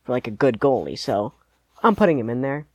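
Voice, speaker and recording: A man's voice: mid-range voice, sing-song, brisk, a little mellow, no echo. A man co-hosting a podcast, chatting casually about sports and hedging his picks with lots of "like"s. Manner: rambling, hedging, many "like"s. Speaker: podcast co-host.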